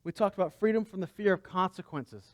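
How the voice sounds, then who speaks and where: A man's voice: high voice, fast, no room sound, clean studio sound. A man pastor preaching a conversational sermon, asking his listeners rhetorical questions.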